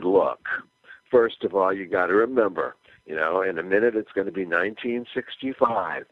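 A man's voice: sits low, moderate pace, no room sound. An older man from California, a musician guest on a radio interview, animatedly telling anecdotes and acting out quoted dialogue. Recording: phone-line interview, dry.

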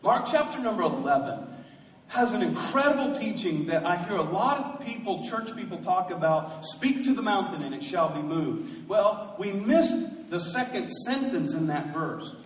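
A high-pitched man preaches to his congregation, pushing his lines hard and calling out to the room for answers. His voice rings through a large church hall with a long tail of reverb. It sounds a little distant from the mic. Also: sing-song, moderate pace. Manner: rising to emphatic call-and-response preaching. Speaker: pastor. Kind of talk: sermon. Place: church sanctuary.

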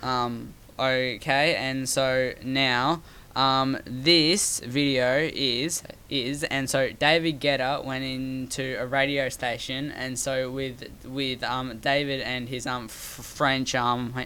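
A man's voice: medium pitch, flat delivery, takes it slowly, pushed and bright, clear, resonant tone. A man co-hosting a casual podcast, talking hesitantly with many ums. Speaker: podcast co-host. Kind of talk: casual chat.

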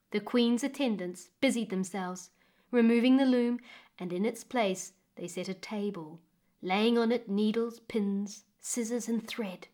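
A woman narrating a fairy tale expressively with dramatic pauses, as a storyteller reading a book. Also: fairly high pitch, warm tone.

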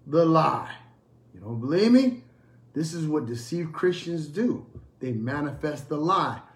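A man with a somewhat high voice and a roomy sound preaches a sermon. He is emphatic and repetitive, repeating phrases and firing off rhetorical questions.

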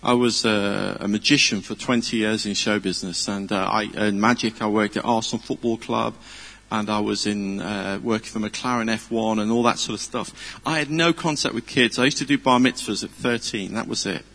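A man's voice: lowish voice, steady tone, normal speed, creaky, fairly bright tone. A middle-aged man, giving an informal, chatty sermon full of personal stories, earnest and self-deprecating. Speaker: preacher. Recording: long hall reverb.

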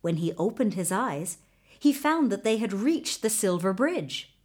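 Unhurried, expressive woman storyteller. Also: medium pitch. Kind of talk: storybook narration.

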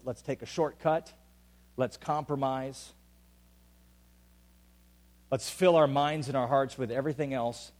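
A man preaching a sermon as pastor to a congregation, swinging between loud urgent calls and quiet, intimate asides. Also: medium pitch. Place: church hall with an audience.

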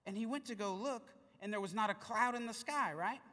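A male pastor preaching a sermon in a large church hall, telling the story in a lively way with playful asides. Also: high-pitched, fairly quick. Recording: reverberant hall sound.

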